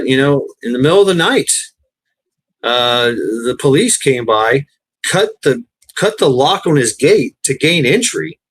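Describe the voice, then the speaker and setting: A man's voice: mid-range voice, a bit bright, slight background noise. Rambling, foul-mouthed man hosting a stream. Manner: rambling, swears often, laughs, acts out quoted voices. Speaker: livestream host. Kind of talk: casual profane chat.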